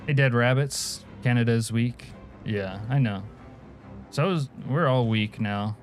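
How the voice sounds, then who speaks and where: A man's voice: mid-range voice, unhurried, faint music behind. A man from Alaska streaming a game, chatting casually and crudely with viewers, joking and laughing often. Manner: profane, joking, answers chat, laughs often. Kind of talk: casual live-stream chat.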